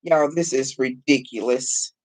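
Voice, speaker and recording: Her bass voice is a little slow with a darkish tone. She's a middle-aged craft channel host chatting casually on a live stream as she crafts, addressing viewers as "y'all" and welcoming people in chat by name.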